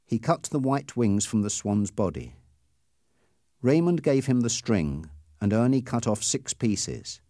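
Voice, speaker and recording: A man's voice: mid-range voice, sing-song, dark tone, dry recording, studio quality. A man reading a story aloud as narrator, in scripted storybook narration. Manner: slow, clearly paced reading.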